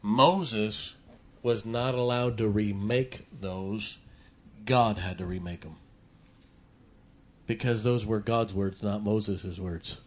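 A man preaching a sermon, swinging between quiet asides and forceful scripture reading. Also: lowish voice, fairly even intonation, takes it slowly, pauses often. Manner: folksy, emphatic, reads scripture aloud with rising force.

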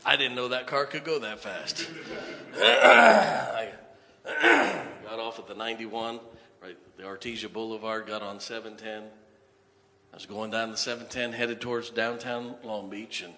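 A man preaching and telling a personal testimony as a lively storyteller who chuckles at his own tale. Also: lowish voice, a little slow, creaky. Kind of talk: personal story told from the pulpit. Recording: long reverb of a large hall.

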